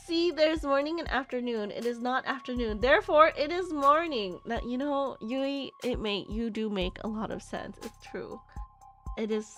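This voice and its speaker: A woman streamer chatting casually and excitably with her viewers, often laughing at herself. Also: fairly high pitch, normal speed, soft background music. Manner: giggly, excitable, self-deprecating. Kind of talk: casual chat with livestream viewers.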